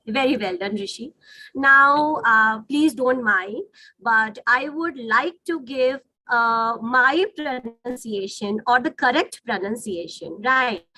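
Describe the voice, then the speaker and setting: A woman's voice: on the high side, pushed and bright, dry recording, poor audio. A woman teaching phonetics in an online webinar, patiently correcting pronunciation and often checking that the class follows. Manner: patient, corrects words slowly with repeated checks. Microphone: video call.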